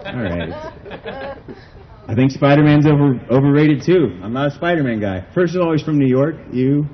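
A man's voice: medium pitch, expressive, moderate pace, dull audio, a faint crowd. A man from the United States doing a stand-up comedy set at an outdoor backyard show, rambling and self-deprecating, saying "like" a lot.

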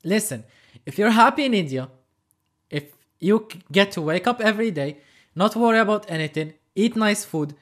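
A man's voice: high voice, lively intonation, normal speed, fairly bright tone. A man hosting a reaction video, giving snarky, joking commentary between clips. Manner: snarky, joking asides, laughs often. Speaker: reaction channel host.

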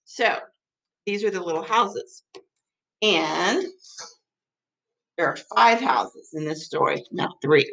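A woman teacher giving a playful, excitable math lesson for children. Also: fairly low pitch, takes it slowly, gravelly, pauses often, rough recording.

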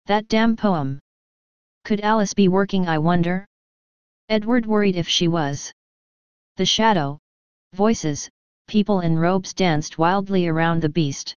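A woman narrates a scripted horror tale in a measured way, her voice a little low and very clear. The recording is dry, with no room at all, and dull and lo-fi in tone. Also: darkish tone, no room sound. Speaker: story narrator.

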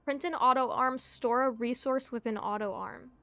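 A young woman streaming a co-op game, chatting casually in a bubbly, giggly, excitable way. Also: sits high, moderate pace, faint music behind. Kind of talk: casual let's play chat.

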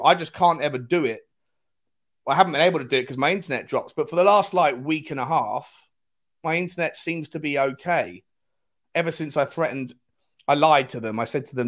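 A man, hosting a casual live fan stream, chatting and greeting viewers by name as he reads the chat aloud. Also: a little high.

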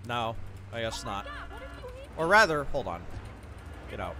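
A man's voice: mid-range voice, big pitch swings, a little slow, bright, forceful tone, faint music behind. A man playing through a game and reading a walkthrough guide aloud, breaking off for joking asides. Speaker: gaming video creator. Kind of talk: let's play commentary.

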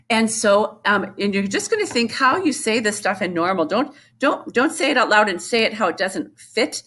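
A woman's voice: mid-range voice, very animated, normal speed, a bit bright, slightly rough. A woman music teacher giving a recorded lesson to young children, explaining patiently and chanting rhythm syllables.

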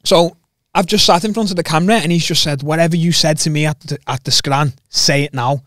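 A man's voice: a little high, a little fast, a bit bright, no room sound, studio quality. A man with a Scouse accent from Liverpool, a podcast guest telling his story casually, swearing and calling people "lad". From Liverpool, England. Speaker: podcast guest, MMA fighter.

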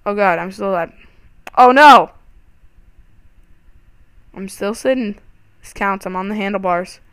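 A young man giving excitable, panicky let's-play commentary over a game, full of startled exclamations. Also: high voice, unhurried, clear, resonant tone, dry recording. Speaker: gaming channel host.

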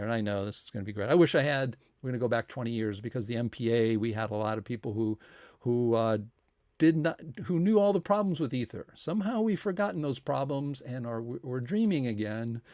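A man's voice: mid-range voice, a little mellow, dry recording. A man hosting a science talk series, making casual, rambling announcements with many fillers and restarts and earnest appeals for support.

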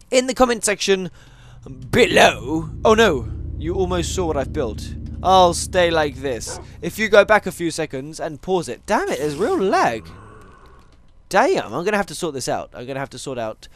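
High-pitched and fairly bright in tone, a gaming channel host narrates his Minecraft let's play. His talk is rambling and jokey and full of tangents, directed at both viewers and the in-game animals.

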